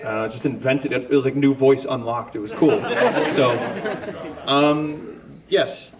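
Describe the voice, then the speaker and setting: A man's voice: medium pitch, fairly even intonation, a little slow, over a noisy crowd. A man on a comedic convention panel, rambling and joking self-deprecatingly as he answers audience questions. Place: large convention hall with an audience. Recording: distant mic in a crowded hall.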